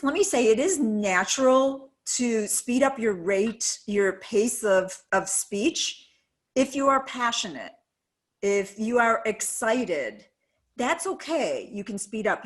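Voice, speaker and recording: A woman giving earnest, emphatic advice on public speaking during a video call webinar. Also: fairly high pitch.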